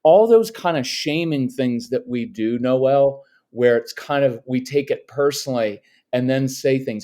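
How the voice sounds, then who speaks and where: A man's voice: medium pitch, unhurried, few pauses, mellow. Brief: middle-aged male parenting coach, podcast guest, firm and matter-of-fact, plays out sample dialogue. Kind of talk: podcast interview.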